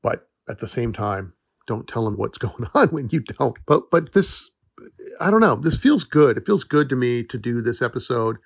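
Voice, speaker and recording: A man's voice: mid-range voice, big pitch swings, moderate pace, vocal fry, dry recording, clean studio sound. A middle-aged man hosting a podcast, talking in an earnest, reassuring way and laughing now and then. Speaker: podcast host, forest educator. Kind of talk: casual solo podcast talk.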